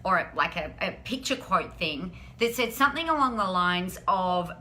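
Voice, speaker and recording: A woman's voice: fairly low pitch, lively intonation, moderate pace, bright, forceful tone, a little hiss or hum. A woman hosting a live stream, chatting in an upbeat, encouraging way and often saying "like". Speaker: host of a weekly live business show. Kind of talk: casual live-stream chat.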